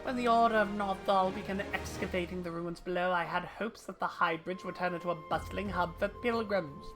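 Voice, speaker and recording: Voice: medium pitch, steady tone, a little fast, music in the background, natural voice. A streamer voicing a struggling, wheedling small merchant while reading game dialogue aloud on stream. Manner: theatrical read of game dialogue.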